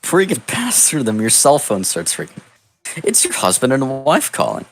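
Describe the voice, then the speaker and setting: A man narrating an improvised comedic text adventure in a deadpan, mock-epic storybook manner over a voice call. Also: mid-range voice, moderate pace. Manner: deadpan, absurd storybook delivery. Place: online voice call.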